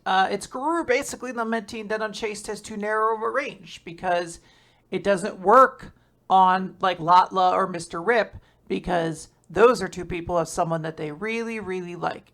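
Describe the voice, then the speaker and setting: A woman's voice: fairly low pitch, fairly bright tone. A woman co-hosting a manga podcast, recapping chapters in casual, jokey chat with frequent laughs over a remote call. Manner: jokey, laughs often, quick asides.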